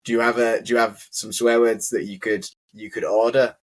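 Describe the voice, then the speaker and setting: A man's voice: on the low side, level tone, moderate pace. A British man teaching English in a casual conversational lesson, chatty and full of "like" fillers.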